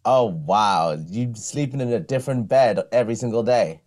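A man guesting on a casual comedy podcast, easygoing and quick to laugh. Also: medium pitch, a little mellow.

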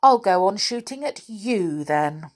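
A woman's voice: mid-range voice, lively intonation, takes it slowly. A woman voicing a clever male teddy bear who schemes and turns cross. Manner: hushed and scheming, then cross.

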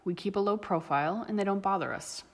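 A woman's voice: medium pitch, pitched above the performer's own voice, lightly acted. A woman voicing a blunt werewolf pack leader. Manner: blunt, measured. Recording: long reverb.

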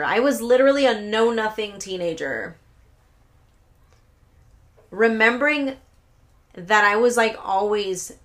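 A young woman hosting a solo podcast, telling rambling stories with lots of swearing and laughing asides. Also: mid-range voice. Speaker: podcast host. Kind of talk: casual solo podcast storytelling.

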